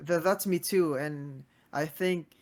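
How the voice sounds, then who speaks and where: A young man in his twenties with a somewhat high-pitched voice hosts a relaxed podcast chat at a slow pace. His tone is earnest and motivational, though he keeps tripping over and restarting his sentences.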